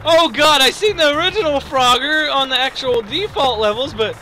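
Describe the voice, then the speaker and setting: A young man commentating a physics game he is playing, excitable, swearing and shouting at the screen. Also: very high-pitched, normal speed, soft background music. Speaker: gaming YouTuber. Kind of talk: let's play commentary.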